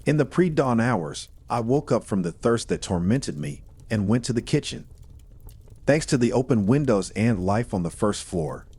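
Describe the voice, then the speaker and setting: A man reading a first-person horror story in a steady, measured storytelling manner. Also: on the low side, slightly rough.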